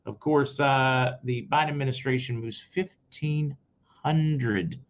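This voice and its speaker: A man's voice: medium pitch, slow pace. A man hosting his own news commentary show, giving blunt opinions straight to his viewers. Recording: slightly dull lo-fi audio.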